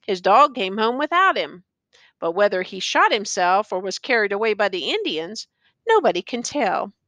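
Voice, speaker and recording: A woman's voice: mid-range voice, sing-song, normal speed, fairly bright tone, no room sound. Woman reading as a plain-spoken young village mother. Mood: rueful.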